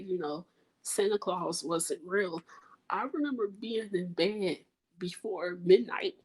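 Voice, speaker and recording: A woman's voice: mid-range voice, husky, poor audio. A woman co-hosting a podcast in casual chat, musing hesitantly and bluntly with slangy asides. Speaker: podcast co-host.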